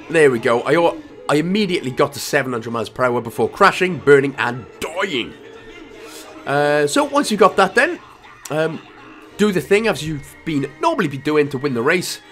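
A man's voice: fairly high pitch, fairly bright tone. A man with a Welsh accent talking through a video game walkthrough in a chatty, jokey way with self-mocking asides. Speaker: gaming guide creator.

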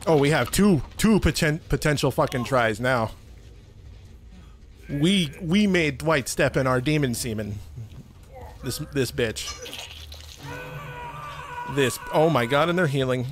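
A young man giving excitable, profane live commentary while streaming a video game. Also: mid-range voice, slow, pauses often.

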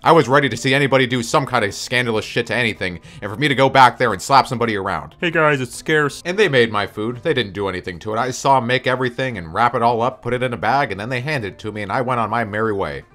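A man's voice: medium pitch, racing, few pauses, a bit bright, faint music behind. A man telling a story on his video channel, ranting and swearing as he goes. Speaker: video creator. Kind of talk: story-time vlog.

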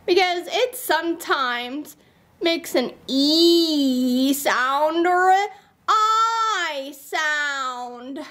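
A woman voicing a playful young dinosaur who sings and roars, teaching children in a sing-song, drawn-out way. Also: high-pitched, lively intonation, sharp tone, full character voice. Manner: sing-song, stretches vowels, drawn-out words. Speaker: children's puppet show host. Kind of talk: children's sing-along lesson.

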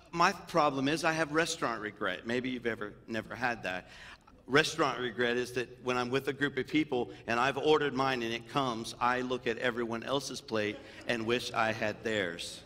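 A man, a senior pastor, preaching a sermon in a church, telling stories with humor and moving between loud animated bursts and hushed, tender moments. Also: mid-range voice. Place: church sanctuary. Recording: long hall reverb in a church.

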